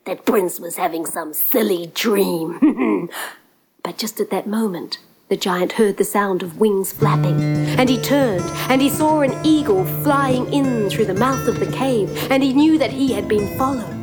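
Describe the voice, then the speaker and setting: A woman tells a folk tale aloud with guitar music behind her, dramatic and rhythmic, dropping to whispers at tense moments. Her voice is a little high and a little mellow, at normal speed, on a low-quality recording.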